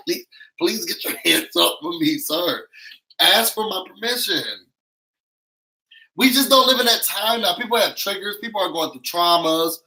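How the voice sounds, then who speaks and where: Male show reviewer, bright and sassy, emphatic, slightly high voice. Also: unhurried, pauses often, poor audio. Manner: sassy, emphatic, acts out quotes. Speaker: YouTube reality-show reviewer. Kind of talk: animated recap commentary.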